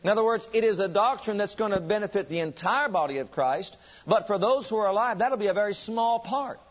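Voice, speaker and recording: A man's voice: high-pitched, animated, fairly quick, muffled recording. A man preaching a sermon, driving his points home with rhetorical questions and emphatic repetition.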